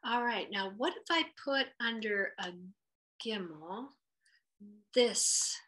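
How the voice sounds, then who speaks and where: A woman gives a patient, encouraging letters lesson, sounding out each vowel carefully. Her voice is bright and clear. She speaks at a slow, deliberate pace. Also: a little high, expressive. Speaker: Hebrew teacher. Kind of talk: children's lesson at a whiteboard.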